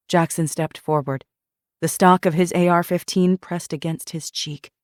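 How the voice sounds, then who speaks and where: A woman narrating a thriller audiobook in an even, measured reading. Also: fairly low pitch, no room sound, clean studio sound.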